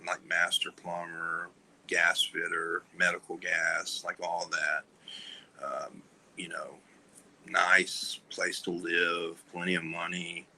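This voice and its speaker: A man with a low, gravelly voice talks slowly as a podcast guest in a candid conversation. His tone is husky yet tense and bright-edged. He speaks haltingly, full of fillers and restarts, and often trails off softly. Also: low-quality recording. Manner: soft-spoken, trailing off. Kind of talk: candid conversation about recovery.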